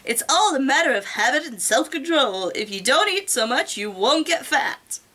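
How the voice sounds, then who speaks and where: A woman's voice: sits high, very animated, normal speed, pushed and bright, full character voice. A woman reading the lines of a smug young man who coaches and insults, in a condescending, taunting manner. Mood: lecturing.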